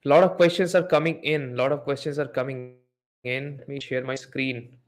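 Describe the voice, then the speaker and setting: A man's voice: mid-range voice, fairly even intonation, brisk. Man hosting a live seller-ads Q&A. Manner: explains step by step, repeats points, asks the audience questions. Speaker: host of a live Amazon PPC Q&A session. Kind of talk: live webinar teaching with screen share.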